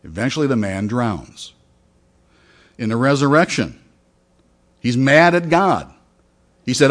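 A man's voice: mid-range voice, expressive, a little slow, long pauses. A male pastor giving a conversational sermon to his congregation, asking questions and retelling a parable. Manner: conversational, with fillers and restarts.

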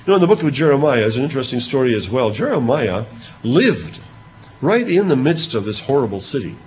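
Man preaching an animated sermon. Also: mid-range voice, a little fast, slight background noise. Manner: animated retelling, voicing quoted speech with rising emphasis. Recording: dull lo-fi recording with faint ambience.

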